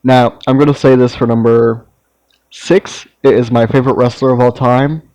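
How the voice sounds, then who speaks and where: Mellow-voiced young man, casual and rambling. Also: mid-range voice, normal speed, no echo, rough recording. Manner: relaxed, meandering, with frequent ums and restarts. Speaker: toy collector vlogger. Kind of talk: casual ranking review.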